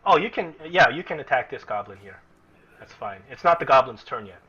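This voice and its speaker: A man's voice: mid-range voice, expressive, brisk, sharp tone, breathy edge. A man narrating as game master in an online tabletop game, casual and explanatory, with many fillers and restarts, on muffled lo-fi audio.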